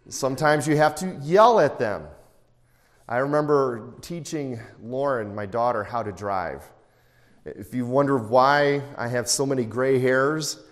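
A middle-aged man preaching an expository sermon in a conversational, anecdotal way, with asides and chuckles. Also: medium pitch. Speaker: pastor. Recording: long reverb in a large hall.

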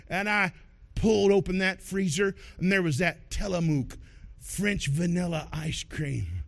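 A male pastor preaching a sermon through folksy, animated storytelling, shouting out points for emphasis. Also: sits high, very slow, creaky.

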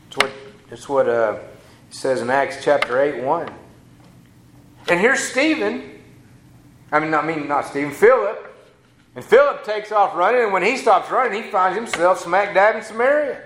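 A man's voice: high voice, animated, moderate pace, pauses often, a bit bright. A man, preaching a sermon as a pastor in a folksy, conversational way with casual asides. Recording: echoey room.

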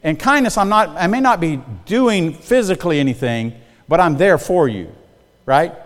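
A man's voice: fairly high pitch, animated, normal speed. A middle-aged man preaching a sermon in a folksy, conversational way, often checking in with his congregation. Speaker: pastor. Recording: long hall reverb.

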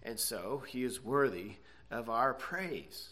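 A man's voice: medium pitch, lively intonation, slow, fairly bright tone. A man preaching a sermon, earnest and emphatic, stretching out key words and checking in with "okay?". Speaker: pastor.

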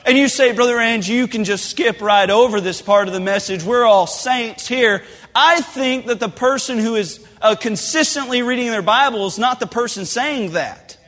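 A man preaching a sermon in a church, telling folksy stories with lively asides. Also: extremely high pitch, moderate pace. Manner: animated storytelling with folksy asides. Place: church sanctuary. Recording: long hall reverb.

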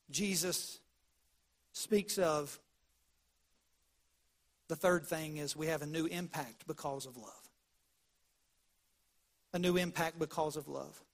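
A man with a high-pitched voice preaches a sermon as the congregation's pastor. He tells homespun stories and drops into hushed tones for the key points. His delivery swings between loud bursts and quiet moments.

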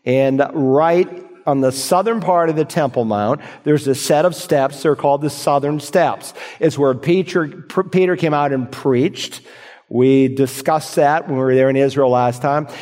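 A man's voice: on the high side, unhurried, darkish tone. Man preaching a sermon in reverberant hall. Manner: expository preaching, reading scripture aloud, imagined congregant objections. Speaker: pastor.

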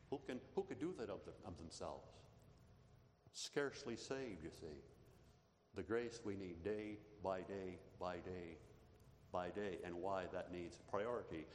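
A man preaching a sermon earnestly, building to emphatic peaks and often addressing the congregation as beloved. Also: low voice. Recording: echoey hall, faint background noise.

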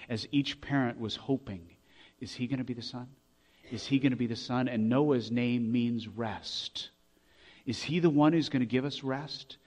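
A man preaching a sermon, earnest, restarting phrases, growing loud as he reads scripture aloud. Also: medium pitch. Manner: earnest, repeats words when restarting, rises to loud when reading scripture.

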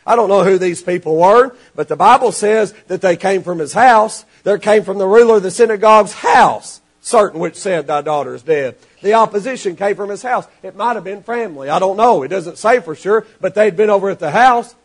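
A man preaching a sermon to his congregation, animated and rising to shouts, acting out the people in his stories. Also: high-pitched, brisk, few pauses. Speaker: pastor.

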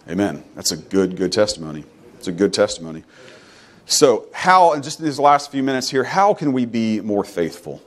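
This preacher is very animated, keeping a moderate pace through his sermon. He repeats lines for emphasis and moves from booming, high exhortations to soft, low-pitched asides.

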